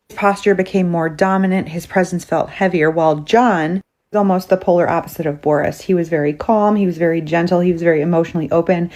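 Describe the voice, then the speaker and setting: Female storyteller, lower voice, brisk conversational retelling, quotes people as she goes. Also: darkish tone.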